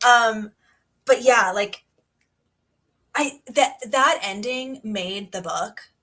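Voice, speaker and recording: A young woman hosting a casual book club livestream, chatty and excitable with lots of fillers. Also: fairly high pitch, extremely slow. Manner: chatty and excitable, many fillers, reads passages aloud.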